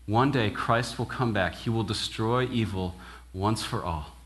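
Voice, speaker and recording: A young adult man preaching a conversational sermon as minister, casual and animated, checking in with "right?" and acting out quoted lines. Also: fairly low pitch, measured pace.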